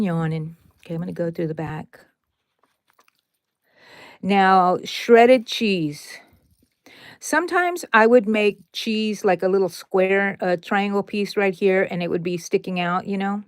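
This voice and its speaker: A woman's voice: mid-range voice, dry recording, studio quality. A woman hosting a casual crochet tutorial, chatty and playful, who talks viewers through each step with little asides and exclamations.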